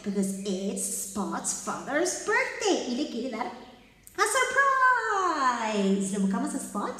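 High, sing-song storytime teacher, echoey room. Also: female voice, huge pitch swings, slow, pushed and bright. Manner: sing-song, exaggerated, coaxing children to join in. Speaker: children's English teacher. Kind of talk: bilingual storytime read-aloud for kids. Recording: very echoey room with long reverb.

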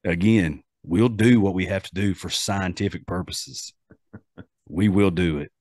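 A man's voice: deep voice, measured pace, a little mellow, no room sound, studio quality. A man with an Appalachian accent hosting a podcast in casual, rambling chat full of fillers and restarts. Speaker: podcast host.

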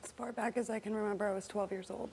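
A young woman answering a host's questions as a talk show guest, speaking haltingly and emotionally with restarts. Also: medium pitch, steady tone, creaky, a little mellow, breathy edge. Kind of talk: studio interview answers.

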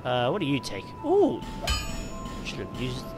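British male gameplay commentator, sarcastic and self-talking, very animated pitch, heavy background noise. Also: fairly quick. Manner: chatty, sarcastic, talks to himself and the game.

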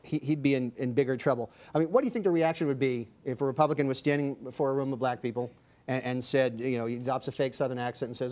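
A male host runs a comedy panel with a dry, wry voice at a middle pitch. His jokes come as deadpan asides. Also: fast. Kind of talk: comedic panel show hosting.

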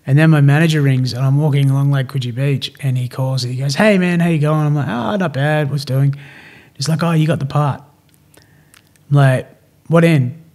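Australian man in his thirties, podcast guest, lively storyteller who plays out the dialogue, mid-pitched voice. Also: normal speed. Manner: animated, slangy, acts out quoted dialogue. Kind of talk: casual storytelling.

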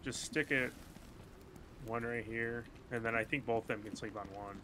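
A man's voice: medium pitch, steady tone, moderate pace, bright, forceful tone. A man casually chatting and joking in slang while playing a co-op game with a friend. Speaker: gaming channel host. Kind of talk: casual co-op gaming chat. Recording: noisy game audio behind voice.

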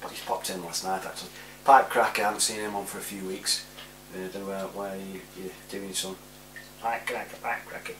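A chatty man in his forties rambles through shout-outs in a lowish voice, chuckling as he goes. He sits some way back from the mic in a roomy space, and a faint hum runs underneath. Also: far from the mic. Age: 40s. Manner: rambling, chatty, laughs often. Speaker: vlogger. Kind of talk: casual shout-outs monologue.

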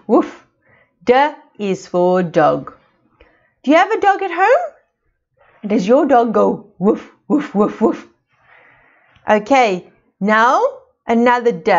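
A woman from South Africa, a preschool teacher leading a children's lesson from a picture book, coaxing and exaggerated for small children. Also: high voice. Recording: dull lo-fi video sound.

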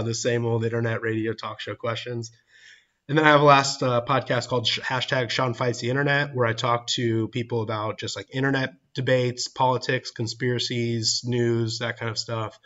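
A man's voice: medium pitch, fairly even intonation, moderate pace, fairly bright tone. A man hosting a livestream, chatting loosely, laughing often as he reads out viewer comments. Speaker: livestream podcast host. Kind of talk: casual livestream chat. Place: church building. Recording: dull lo-fi stream audio.

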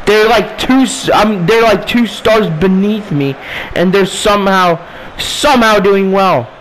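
Young man, gaming commentary, frustrated cursing, slightly high voice, faint background noise. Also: a little slow. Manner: frustrated, swearing, bursts of yelling. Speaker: gaming streamer. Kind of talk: casual gameplay commentary.

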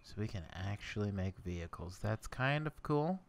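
A man's voice: fairly low pitch, lively intonation, moderate pace, creaky. A young man giving casual let's play commentary, rambling and muttering to himself as he works through a game's crafting menu. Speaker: gameplay commentator.

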